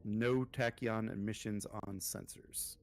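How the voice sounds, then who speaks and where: A man running a tabletop role-playing game as game master, talking in a loose, relaxed way with many pauses and fillers. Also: on the low side, gravelly, a little hiss or hum. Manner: relaxed, lots of ums and filler.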